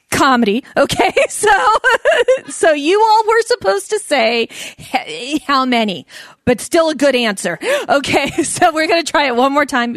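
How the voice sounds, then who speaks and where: A woman's voice: high voice, dry recording, studio quality. A woman, giving a playful comedic talk to an audience, speaking with a stutter and laughing often. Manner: stutters, with repeated sounds and blocks. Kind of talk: stand-up style talk to a live audience.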